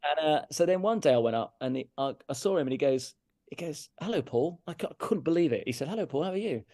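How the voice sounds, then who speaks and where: A man's voice: on the high side, expressive, fast talker, dark tone, no room sound. A middle-aged man from England, a brass teacher talking candidly as an interview guest, earnest and emphatic, often repeating himself and turning self-critical. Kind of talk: candid conversational storytelling. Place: farmhouse room.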